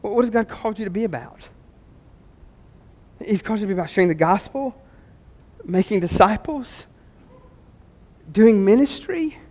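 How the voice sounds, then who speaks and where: A man's voice: sits high, expressive, normal speed, long pauses, a little mellow. A male pastor preaching a sermon in a church, earnest and conversational, often stumbling over his first words. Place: church sanctuary. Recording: echoey church hall.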